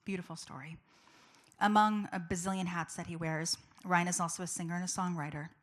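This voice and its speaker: A woman gives an earnest, personal talk to a live audience as a public speaker, chatty, conversational, and full of fillers. Her voice is on the low side, steady in tone, and brisk.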